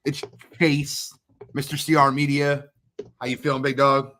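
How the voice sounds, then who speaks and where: Fired-up bright-voiced male host. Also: mid-range voice, little pitch movement, slight background noise. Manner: hyped, rapid shoutouts to guests and viewers. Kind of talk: energetic livestream chat.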